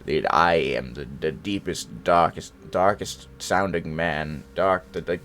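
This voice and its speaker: A man putting on a deep, dark voice as a booming, imposing older man who speaks in slow, grandiose declarations. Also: soft background music.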